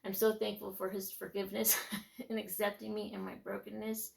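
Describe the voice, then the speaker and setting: A young woman in her twenties speaking with a heavily gravelly, fry-laden voice. She shares a personal faith testimony, earnest and reflective, restarting her thoughts as she goes and sometimes sinking to a near-whisper. Her pitch sits in an ordinary middle range. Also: flat delivery, fairly quick, darkish tone. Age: 20s. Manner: heartfelt, drops to near-whispers for inner thoughts. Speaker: faith vlogger.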